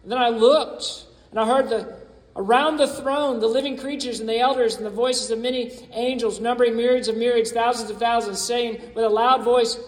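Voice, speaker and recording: A man's voice: extremely high pitch, steady tone, moderate pace. A male pastor preaching from scripture, breaking in with short asides, then leading a prayer. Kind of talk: sermon and closing prayer. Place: church sanctuary. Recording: echoey hall, speaker far from mic.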